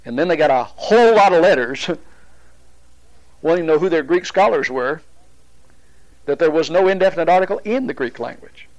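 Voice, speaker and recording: A man's voice: a little high, animated, rough recording. Man teaching a Bible study. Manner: explanatory, deliberate with pauses and restarts.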